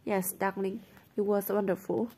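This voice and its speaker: A woman's voice: mid-range voice, level tone, moderate pace, a little mellow, slight background noise, close to an everyday voice. A woman reading a novel aloud, voicing a loving mother who speaks tenderly and affectionately. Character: loving mother of a teenage girl.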